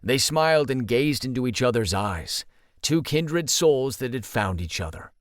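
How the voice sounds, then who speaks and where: A man narrating a first-person audiobook in a steady, even storytelling read. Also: mid-range voice, unhurried, no echo, clean studio sound.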